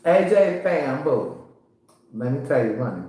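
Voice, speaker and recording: A woman's voice: rumbling low, very animated, unhurried, dark tone, slight background noise. A woman co-hosting a casual live family chat, complaining heatedly and talking over her partner. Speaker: show co-host. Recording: very echoey room.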